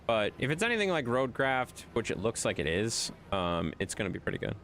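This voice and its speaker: A man's voice: fairly low pitch, sing-song, fairly quick, a bit bright, a little hiss or hum. A male gaming streamer in casual live-stream chat, telling a rambling story and talking to his viewers.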